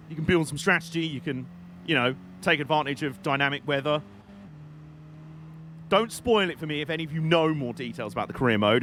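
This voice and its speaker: A man's voice: on the high side, sharp tone, slight background noise. A young man giving rambling, jokey live commentary while playing a racing game on stream. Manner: jokey, rambling, chatty banter.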